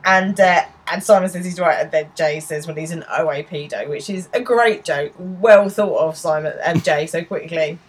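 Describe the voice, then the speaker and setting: A woman's voice: low voice, moderate pace, hardly any pauses, husky, poor audio. Woman narrating scenes. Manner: narrates scenes, quotes lines in lively put-on voices. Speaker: podcast co-host. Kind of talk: casual recap chat.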